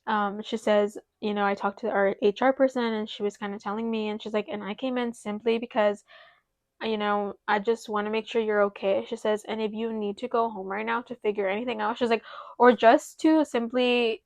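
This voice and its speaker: A young woman co-hosting a podcast, telling a personal story in an animated way and close to tears. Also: mid-range voice, a little fast, dry recording. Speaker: podcast co-host. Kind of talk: casual chat.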